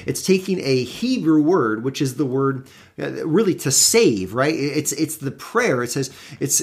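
Man, pastor, conversational Bible teaching, relaxed explaining, fillers and restarts, mid-range voice. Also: medium pitch, measured pace. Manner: reads scripture aloud with rising emphasis.

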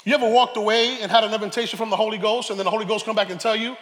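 New preacher guy, high and bright, big echoey church, jokes around and then shouts. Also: rapid-fire. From New York, Harlem. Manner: animated preaching with joking asides; rises to shouts at peaks. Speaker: pastor. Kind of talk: sermon. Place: church sanctuary. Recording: reverberant church hall.

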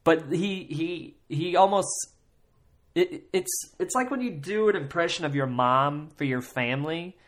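Solo podcast host, casual and rambling, mid-pitched voice, full of fillers and restarts, breaks into mock voices to quote people. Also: animated, unhurried. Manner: breaks into loud mocking voices when quoting others. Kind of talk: solo comedy podcast commentary.

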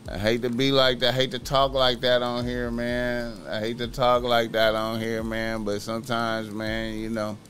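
A man's voice: medium pitch, completely flat delivery, moderate pace, hardly any pauses, fairly bright tone, slight background noise. A man talking casually on a livestream, rambling, repeating filler words and swearing freely.

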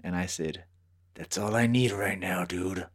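A man's voice: low-pitched, a little slow, slightly rough. A man hosting a podcast, telling stories in casual chat, swearing and acting out voices. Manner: animated storyteller, swears, acts out voices. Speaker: podcast host.

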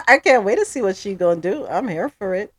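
A woman's voice: mid-range voice, very animated, normal speed, no room sound. A woman hosting a podcast, reading news items and then drifting into playful, gossipy chat with frequent giggles. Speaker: podcast host. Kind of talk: casual news recap chat.

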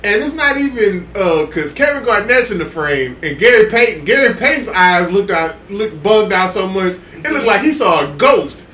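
A man on a podcast, telling excited sports stories in casual chat, acting out quotes and laughing loudly. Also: high-pitched, moderate pace, hardly any pauses. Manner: excitable storytelling, loud laughs and acted quotes. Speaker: podcast co-host. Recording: echoey room with faint hiss.

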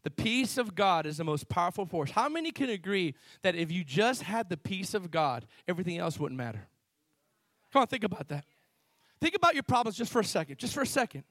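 A male pastor preaching in a church with a fairly high voice. He tells stories with animated energy, jumping from loud bursts to hushed asides. The sound is close and dry. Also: a little fast, dry recording. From Miami. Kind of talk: sermon.

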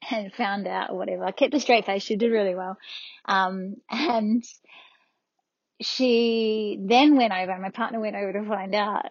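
A woman's voice: mid-range voice, dry recording. Woman host telling her story, swears a lot, laughs, cheers the listeners on, dull dry sound. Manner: candid, blunt, swears freely, laughs often; encouraging, speaks directly to listeners. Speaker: podcast host. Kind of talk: personal storytelling monologue.

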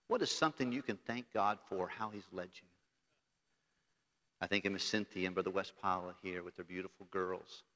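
A middle-aged American man preaching a sermon, swinging between loud declarations and quiet, intimate storytelling. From United States. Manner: earnest preaching, voice swelling loud then dropping low and intimate. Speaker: pastor. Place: large church sanctuary. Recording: long hall reverb from the sanctuary.

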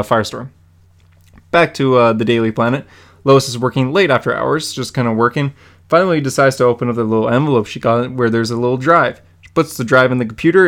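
A man hosting a comic book podcast, recapping an issue in an enthusiastic, rambling way, close to his mic. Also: mid-range voice. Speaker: podcast host. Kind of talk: casual chat recapping a comic.

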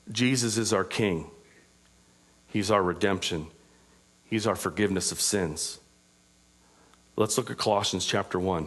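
A man preaching a sermon as pastor, moving between raised, emphatic proclaiming and quiet, conversational asides, with an informal manner and frequent fillers. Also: on the low side.

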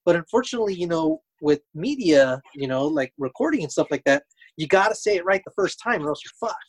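A man's voice: fairly high pitch, animated, brisk, breathy edge. A man in casual chat, laid-back and explaining his point with a few restarts.

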